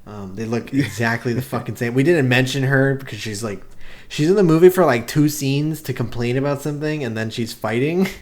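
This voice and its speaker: A man's voice: mid-range voice, brisk. A man co-hosting a comedy podcast, riffing on a movie in a rambling, casual way with laughs and swearing. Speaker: podcast co-host.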